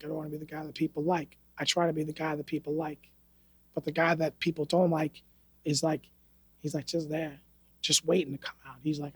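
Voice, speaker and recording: Speaking in a podcast studio with no room sound, this New York martial arts instructor spins casual interview stories in a blunt, foul-mouthed, street-smart manner. His voice is a little high with a breathy edge.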